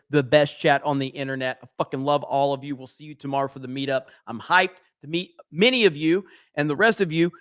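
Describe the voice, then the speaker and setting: A man's voice: mid-range voice, a bit bright, no room sound, studio quality. A man hosting a casual late-night livestream, reading viewer messages aloud with joking, profane banter. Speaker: livestream host.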